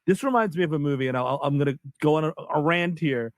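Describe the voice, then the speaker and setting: A man's voice: a little high, fast, dry recording. Male co-host, casual and rambling, close dry podcast sound. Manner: rambling rants, self-mocking asides. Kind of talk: casual movie review chat.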